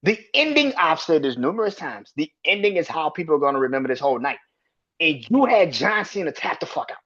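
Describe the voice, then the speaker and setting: Husky man ranting with swinging pitch. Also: very animated, a little fast, pushed and bright. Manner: profane, exasperated, repeats himself. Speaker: podcast host. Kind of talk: heated wrestling rant. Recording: dull lo-fi recording.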